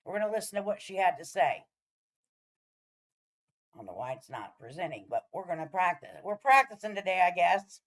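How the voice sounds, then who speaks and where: A woman's voice: lowish voice, big pitch swings, a little fast, long pauses, poor audio. Sassy, blunt-talking woman streamer. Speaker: commentary streamer host. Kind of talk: casual reaction commentary.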